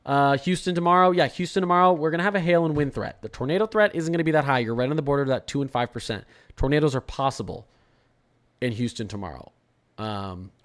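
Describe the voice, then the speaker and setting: A young man hosts a live weather stream in a loose, chatty way. He often restarts and repeats his words while he talks through forecasts and replies to viewers. His voice sits at an ordinary middle pitch for a man. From Florida. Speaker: weather livestream host. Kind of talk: casual live weather commentary.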